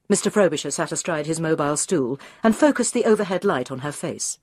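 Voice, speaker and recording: A woman narrating a mystery story aloud in a measured, expressive reading. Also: low voice, husky, no room sound, studio quality. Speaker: audiobook narrator. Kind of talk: scripted narration.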